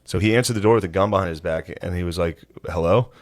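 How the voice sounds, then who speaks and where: Deep-voiced, quick-talking man. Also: no echo. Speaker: podcast co-host. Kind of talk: casual podcast chat.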